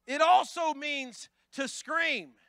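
A man pastor preaching a Pentecostal sermon, building from plain talk into shouting. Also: very high-pitched, slow, gravelly, no room sound. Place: church sanctuary.

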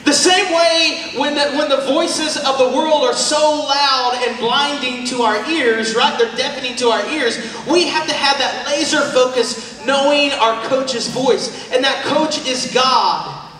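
A man with a high, bright voice preaches with energy, shouting out and calling on the crowd to answer back. He sounds distant from the mic, his words ringing through a big echoing hall with a faint hum of the room behind him. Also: a little slow. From Oklahoma, USA. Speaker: youth camp preacher. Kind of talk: sermon. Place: large church hall. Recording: echoey hall from far off.

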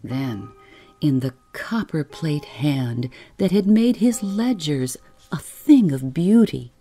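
A woman reading a relaxing bedtime story aloud in a soft, unhurried, soothing way. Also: low-pitched, sing-song, soft background music.

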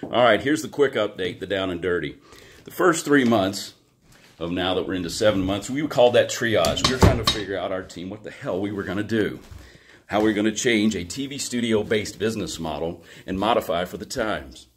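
A man's voice: on the low side, brisk. A man hosting his own talk show, giving a chatty, upbeat update to his viewers from his home office, a little out of breath. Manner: upbeat and chatty, talking straight to his audience. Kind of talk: casual video update to viewers.

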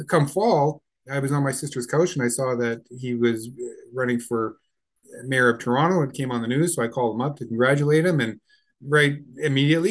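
A man's voice: medium pitch, fairly bright tone. Man, memorial speaker on a video call, casual and rambling. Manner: rambling storyteller with many fillers. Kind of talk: casual spoken recollection.

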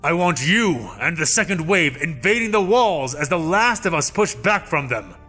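A man's voice: fairly high pitch, big pitch swings, normal speed, pushed and bright, breathy edge, faint music behind, full character voice. A man voicing a furious middle-aged Jedi master who barks orders and growls through clenched teeth, in a storybook reading. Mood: curt.

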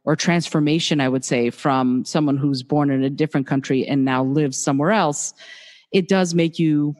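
A woman's voice: deep voice, normal speed, a little mellow, in a large hall. A woman from the former Soviet Union hosting a casual interview, often restarting and repeating words as she thinks. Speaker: podcast host.

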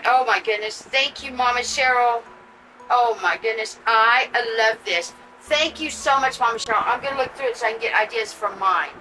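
A woman vlogging an unboxing, gushing and excitable, cooing over a doll she pulls from the box. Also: fairly high pitch, far from the mic, low-quality recording. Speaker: reborn doll collector vlogger. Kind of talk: casual unboxing vlog.

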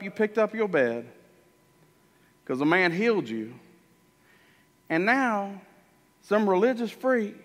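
A man preaching a sermon as pastor, animated and acting out the voices in the story he tells. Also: high-pitched, long reverb tail. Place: church sanctuary.

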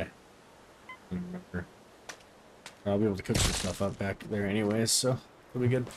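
Let's play host, male, low voice, casual profane rambling over loud game ambience. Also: background noise. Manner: rambling, profane, self-deprecating. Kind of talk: casual gameplay commentary.

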